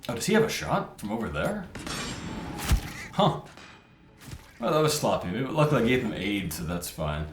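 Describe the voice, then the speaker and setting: A man's voice: mid-range voice, wildly swooping pitch, normal speed, gravelly, long pauses, background noise. A man casually commentating a video game, thinking aloud and muttering over his tactics as he plays. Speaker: gameplay commentator. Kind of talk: casual let's-play commentary. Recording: roomy mic with game music behind.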